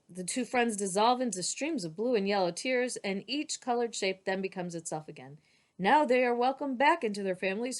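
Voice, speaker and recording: Woman reading a book aloud at home. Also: mid-range voice. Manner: steady reading with casual asides. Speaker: reader. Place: home, with dogs nearby.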